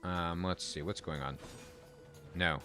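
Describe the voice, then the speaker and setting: A man with a very low, deep voice gives chatty gameplay commentary, reacting aloud as things happen on screen. Faint game music plays softly underneath. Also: fairly even intonation, slow pace. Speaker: game streamer.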